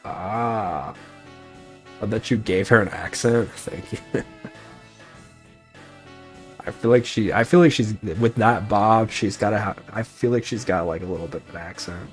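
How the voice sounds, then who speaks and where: A man streaming, making quick, chatty asides while reading a game aloud. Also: lowish voice. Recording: faint music behind.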